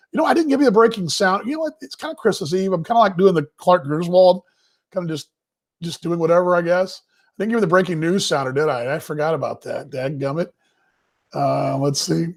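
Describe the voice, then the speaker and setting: A man hosting a casual baseball live stream from his family home, rambling and folksy with many fillers. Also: on the high side. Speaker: baseball show host.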